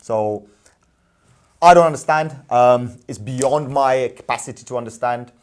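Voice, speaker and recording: Businessman host, casual chat, emphatic and animated, keeps repeating his points. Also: mid-range voice, unhurried. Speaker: businessman and parent, show host. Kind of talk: casual discussion.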